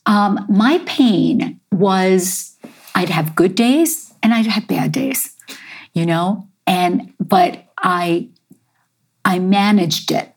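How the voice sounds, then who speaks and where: An American woman, a chef and artist, telling her life story in an interview, halting and reflective with many fillers. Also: medium pitch, breathy edge. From United States.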